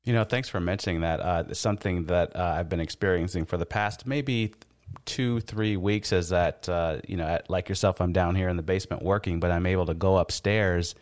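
A middle-aged man hosting an interview over a video call from his basement, speaking in measured phrases with many fillers. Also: sits low. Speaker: host. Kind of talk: casual interview chat. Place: home basement office.

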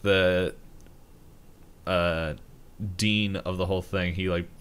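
A man co-hosting a podcast, telling stories in a hesitant, halting way with frequent restarts. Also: low voice, fairly even intonation, fairly bright tone, clean tone. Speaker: podcast co-host. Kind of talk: casual chat.

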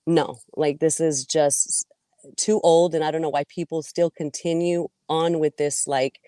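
Lady with a cold, stuffy nose, ranting and fed up, low voice. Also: fairly even intonation, unhurried, warm tone, dry recording, studio quality. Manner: ranting, exasperated. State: sick with a cold, congested. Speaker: co-host. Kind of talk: casual livestream chat.

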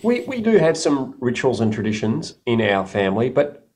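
A man's voice: mid-range voice, very animated, normal speed, a little mellow. A middle-aged man, telling a long, rambling story in a casual chat, often restarting his sentences. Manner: rambling, self-correcting storyteller.

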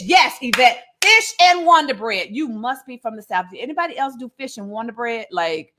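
A woman's voice: fairly high pitch, expressive, normal speed, hardly any pauses, bright, forceful tone. A woman leading a casual livestreamed Bible study, teaching with playful, slangy asides.

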